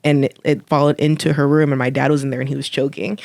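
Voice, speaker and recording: A woman telling a family ghost story on a podcast in a relaxed, chatty way, full of "like" and "you know". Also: rumbling low, quick pace, creaky, no echo, studio quality. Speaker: podcast co-host. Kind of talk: casual storytelling chat.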